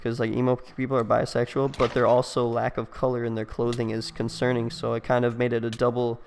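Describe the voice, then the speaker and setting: A man's voice: mid-range voice, completely flat delivery, fast talker, vocal fry, a little hiss or hum. A young man hosting a game let's play, rambling and joking in casual chat, with lots of fillers. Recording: long echoey reverb.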